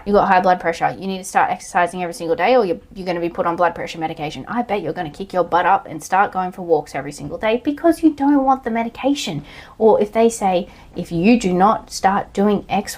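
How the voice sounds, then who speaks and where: A woman, talking through a solo coaching podcast in a blunt, casual way, swearing now and then and yelling out acted lines. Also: mid-range voice. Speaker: online coach and physiotherapist.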